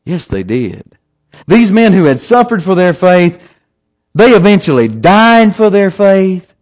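A man preaching an evening sermon, emphatic and lively, asking the listeners rhetorical questions. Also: sits high, unhurried. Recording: slightly dull lo-fi recording.

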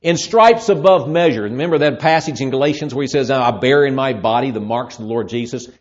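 A man preaching a sermon, explaining scripture in a lively way and acting out the voices of people in the story. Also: mid-range voice, a little fast. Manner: lively, acts out voices in Bible scenes. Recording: muffled lo-fi sermon recording.

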